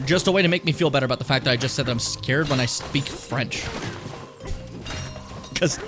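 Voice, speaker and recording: A young man casually commenting on his gameplay, rambling and swearing, with sudden high excited yelps. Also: normal speed, long pauses. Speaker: streamer. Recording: game music playing behind the voice.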